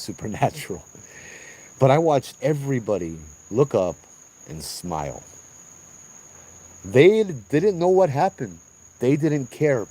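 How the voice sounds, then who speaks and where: A man's voice: medium pitch, warm tone, low-quality recording. A man guiding a night ghost tour on an outdoor trail, telling stories animatedly and acting out what people said, with frequent restarts. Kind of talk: storytelling on a walking ghost tour.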